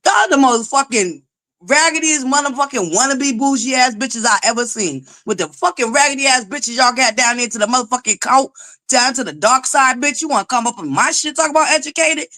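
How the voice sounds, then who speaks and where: A loud, belligerent woman hosting a live chat stream. Her voice is bright and forceful. She curses constantly, greets viewers by name and keeps demanding likes. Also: high voice, animated, fairly quick. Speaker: livestream host. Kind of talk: profane live-chat commentary.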